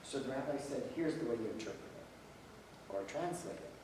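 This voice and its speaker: A man's voice: medium pitch, expressive, moderate pace, darkish tone, slight background noise. An older man lecturing in a folksy way, telling stories full of quoted dialogue. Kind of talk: storytelling lecture. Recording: echoey hall, voice from far off.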